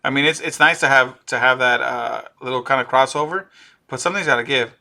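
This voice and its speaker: A man chatting on a podcast in an animated, excitable way. His voice is very bright and forceful, and it pushes up when he gets worked up about an idea. He sounds like a fan spinning theories with his friends. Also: mid-range voice, a little fast, vocal fry. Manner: animated, excitable, riffs on ideas and laughs. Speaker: podcast co-host. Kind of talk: casual pop-culture chat.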